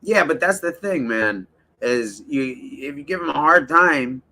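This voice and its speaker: A man's voice: fairly high pitch, animated, measured pace, sharp tone. A man hosting a casual livestream, rambling and swearing as he talks straight to his chat. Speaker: livestream host.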